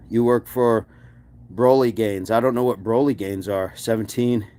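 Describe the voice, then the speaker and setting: A man's voice: lowish voice, steady tone, measured pace, warm tone. An American man hosting a daily fitness livestream, reading out chat comments and cheering viewers on in an upbeat, encouraging way. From United States.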